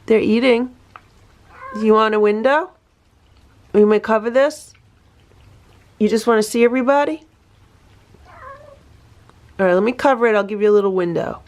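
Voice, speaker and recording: A woman vlogging about rescue cats, switching between calm explanation and soothing sing-song talk to a nervous cat. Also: on the high side, moderate pace, long pauses. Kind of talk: casual vlog narration and talking to cats. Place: indoors in a room with cats.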